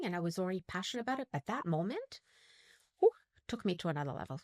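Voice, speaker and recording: Older lady guest on a podcast, low-ish voice, animated storyteller, dry close sound. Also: fast, dry recording. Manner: animated, acts out quotes with pitch leaps. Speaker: podcast guest, dental implant educator. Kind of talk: conversational storytelling.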